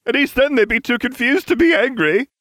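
A man puts on a clever, easily exasperated teenage witch. Her falsetto is high and strained, leaping around a lot. The sound is close and dry. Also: lively intonation, brisk, sharp tone, no echo, full character voice.

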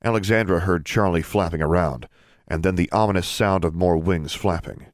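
A man narrating a fantasy story as an audiobook, steady storytelling with expressive dialogue. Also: sits low, moderate pace, no echo, studio quality.

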